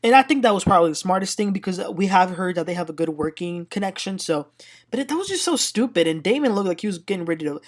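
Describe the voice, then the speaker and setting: A woman's voice: on the low side, quick pace. Blunt, opinionated woman recapping reality TV. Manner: opinionated, blunt, retells scenes with running commentary. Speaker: TV recap host.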